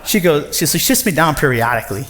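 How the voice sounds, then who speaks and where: A man in his thirties giving a personal storytelling talk to an audience, lively and acting out the voices of others. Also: a little high, fast talker, background noise. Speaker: nonprofit director giving a talk. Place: large former factory floor before an audience. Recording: long reverb of a large hall.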